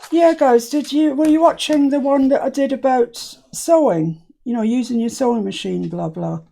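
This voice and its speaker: A woman's voice: sits high, normal speed, vocal fry, mellow. A woman hosting a casual craft tutorial at a cluttered desk, chatting and muttering to herself as she works. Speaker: craft channel host.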